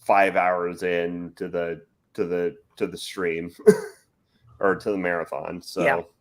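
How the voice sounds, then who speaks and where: Slow, halting man chatting on stream. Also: sits low, little pitch movement. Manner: halting, repeats words, chuckles often. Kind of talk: casual stream chat.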